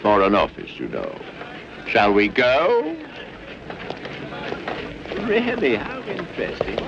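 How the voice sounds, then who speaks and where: An actor playing a polished government gentleman, smooth, genteel and lightly ironic. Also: medium pitch, huge pitch swings, slow, heavily acted. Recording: dull lo-fi film soundtrack with street noise.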